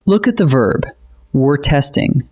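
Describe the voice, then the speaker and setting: A man narrating a scripted grammar lesson in a measured, patient, explanatory way. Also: fairly high pitch, animated, a little mellow. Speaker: grammar teacher.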